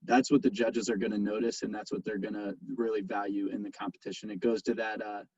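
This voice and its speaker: A man's voice: on the low side, flat delivery, quick pace, darkish tone, husky, dry recording. A young man coaching competitors on a video call in a laid-back, casual way. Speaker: sales competition coach, past winner. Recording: dull, muffled video call audio.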